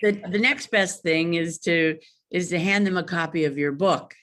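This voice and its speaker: Enthusiastic woman host, lower voice. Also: normal speed. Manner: warmly affirming, enthusiastic, repeats words. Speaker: podcast host. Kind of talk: interview chat.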